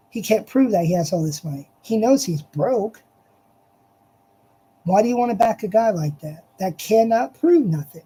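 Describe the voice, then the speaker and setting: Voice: medium pitch, mellow, husky, low-quality recording. A speaker giving an impassioned, repetitive monologue, addressing listeners directly and hammering each point with emphasis. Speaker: political commentator.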